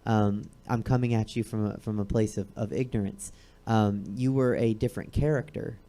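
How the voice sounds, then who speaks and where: Mellow-voiced man hosting, hesitant questions. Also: lowish voice, fairly even intonation, normal speed. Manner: hesitant, inquisitive, restarts questions. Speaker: talk show host. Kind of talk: casual interview chat. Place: comedy theater stage.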